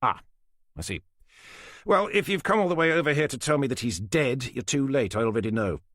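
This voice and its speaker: A man's voice: medium pitch, animated, brisk, fairly bright tone, no room sound, clean studio sound, voice pushed up, close to an everyday voice. A man reading an audiobook voices a disdainful, idle older man who talks in a sneering, mocking way.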